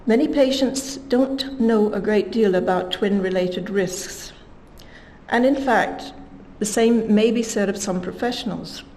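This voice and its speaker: A woman giving a scientific conference talk at a measured pace, reading quotes aloud with emphasis. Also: mid-range voice, a little mellow, poor audio. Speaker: conference speaker.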